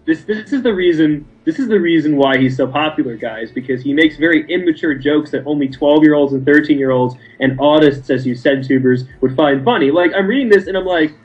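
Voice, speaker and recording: A man speaks scornfully in a casual rant, repeating words as he builds his point. His voice is somewhat high. The recording sounds dull and lo-fi, with faint music beneath. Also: brisk, few pauses. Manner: scornful, mock laughter, stammering. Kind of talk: casual ranting commentary. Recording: dull lo-fi audio.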